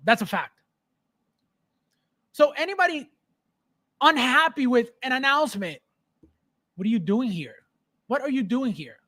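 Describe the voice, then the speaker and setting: A man's voice: extremely high pitch, sharp tone. Blunt ranting male livestream host. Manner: reads chat aloud, laughs often. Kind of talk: casual livestream chat.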